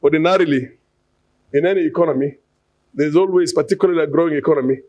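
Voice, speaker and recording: A man's voice: a little high, fast, a little mellow, no echo, dull audio. A man giving an unscripted conference talk, hesitant, with many fillers and restarts, asking the audience rhetorical questions. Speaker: conference speaker.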